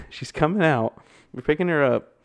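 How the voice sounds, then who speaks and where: A man's voice: on the high side, animated, a little slow. A young man co-hosting a podcast, telling rambling stories in casual chat, laughing and swearing along the way. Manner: rambling storyteller, laughs often, curses. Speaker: podcast co-host.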